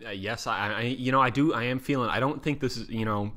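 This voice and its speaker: A man's voice: mid-range voice, brisk, sharp tone. A young man co-hosting a casual comedic podcast, rambling and hesitant with many fillers. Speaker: podcast co-host.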